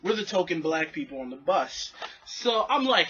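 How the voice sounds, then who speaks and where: A young man talks to his camera in a high, bright voice with some rasp. He tells the story animatedly and with plenty of swearing. The recording sounds dull and lo-fi. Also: moderate pace, soft background music. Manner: animated, swearing, acts out quotes. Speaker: vlogger. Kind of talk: casual profane storytelling to camera.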